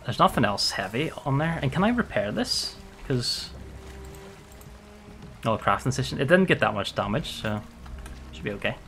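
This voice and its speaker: A man's voice: mid-range voice, sing-song, moderate pace, pauses often, fairly bright tone, faint music behind. Chatty young man gaming. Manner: chatty, swears at enemies, laughs often. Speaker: gaming streamer. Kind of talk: casual gameplay commentary.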